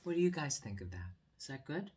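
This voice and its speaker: A man, a teacher, reading a picture book aloud to children in a gentle, coaxing way with soft whispered asides. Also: medium pitch, very animated, fairly quick, husky.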